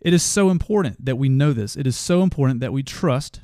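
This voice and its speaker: A man's voice: mid-range voice, lively intonation, brisk, few pauses, darkish tone, dry recording, clean studio sound. A man in his thirties hosting a motivational podcast, telling a family story in an earnest way that grows passionate. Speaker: podcast host.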